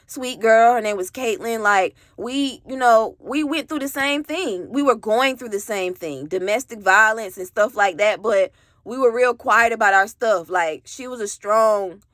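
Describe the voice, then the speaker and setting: A woman's voice: a little high, unhurried, a bit bright, dry recording. A young adult woman telling her own story in a rambling, candid way, full of "like" and casual swearing.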